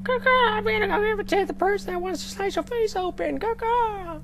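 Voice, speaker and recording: A man's voice: very high voice, brisk, background noise, voice pushed up. A man squawking as a taunting crow. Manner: mocking sing-song.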